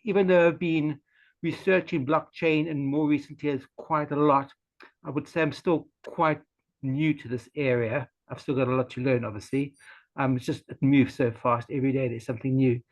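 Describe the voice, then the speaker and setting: A man speaking over a slightly muffled, lo-fi video-call line. He introduces himself casually and rambles, trailing off into fillers as he hunts for words. His pitch sits in an ordinary middle range. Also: fairly even intonation, moderate pace. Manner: hesitant, rambling with many fillers. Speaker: community call participant.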